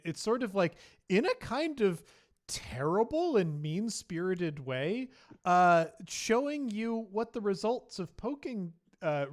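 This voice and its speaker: Slow, halting game master man, fillers, tabletop narration. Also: high voice.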